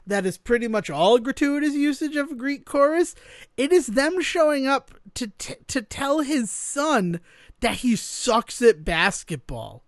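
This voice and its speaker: A podcast co-host chatting casually about a film, deadpan and wry, spinning joke theories and swearing for emphasis. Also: high-pitched, unhurried, dry recording, clean studio sound. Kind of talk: casual film-review chat.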